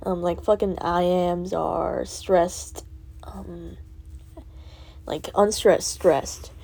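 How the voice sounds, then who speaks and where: A teenage girl venting in a rambling, laugh-filled way, with many fillers and curse words, dropping to a soft whisper at times. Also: on the low side, steady tone, very slow, vocal fry. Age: teens. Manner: rambling, full of fillers and swearing, laughing often. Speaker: student vlogger. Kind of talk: rambling personal vent.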